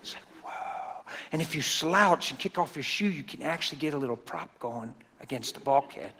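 High-voiced folksy preacher telling stories. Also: male voice, moderate pace, husky. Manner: folksy, animated storytelling. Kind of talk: storytelling sermon.

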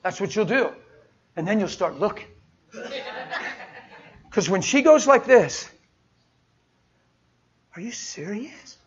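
A man's voice: sits high, expressive, unhurried, long pauses. A male preacher giving a sermon in a folksy storytelling way, acting out everyday conversations. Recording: dull lo-fi recording.

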